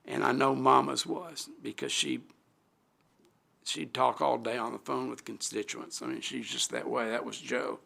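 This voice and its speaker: A middle-aged city alderman's mid-range voice comes across as creaky and sharp, with little pitch movement. He haltingly delivers an emotional tribute into a desk microphone at a council meeting, pausing and starting over many times.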